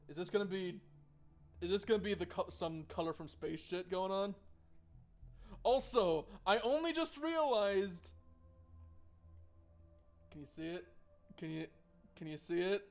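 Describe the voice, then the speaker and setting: A man's voice: high voice, animated, unhurried, long pauses. A man streaming a game, chatting with viewers in a joking, sarcastic way and reading the game's text aloud. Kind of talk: casual let's-play commentary, reading game text aloud. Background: faint game music.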